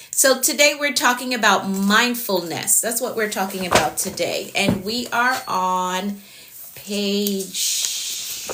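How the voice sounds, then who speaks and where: A woman's voice: medium pitch, background noise. A woman from Jamaica with a Jamaican accent, a productivity coach chatting on a live stream, repeating her points and answering viewers' comments as they come in.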